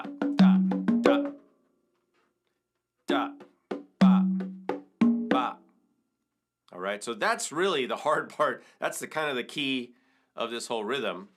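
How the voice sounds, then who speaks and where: A middle-aged man teaching a hand-drum lesson step by step, counting and singing the rhythms aloud. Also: on the low side. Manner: counts and sings rhythms aloud, breaks into vocables. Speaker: percussion teacher. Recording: congas and wood block playing behind the voice.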